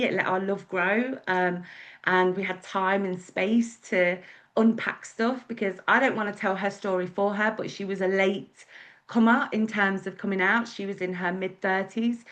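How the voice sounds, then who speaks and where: Speaking with an English accent and a medium-pitched, fairly bright voice, a wedding celebrant shares her life story as a guest speaker. The casual storytelling talk wanders chattily, heavy with fillers.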